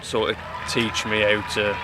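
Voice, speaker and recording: A man's voice: on the low side, completely flat delivery, measured pace. A man from the Midlands, a poet talking casually in an interview outdoors at an event, plain-spoken and calling the host mate. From English West Midlands. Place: outdoor event with music behind. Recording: outdoor event with loud music behind. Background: live music.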